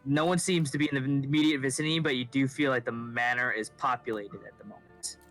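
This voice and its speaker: A man in a mid-range voice, narrating as game master of a tabletop game. His delivery is casual and halting, full of fillers and restarts. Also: mid-range voice, steady tone, a bit bright, soft background music, rough recording.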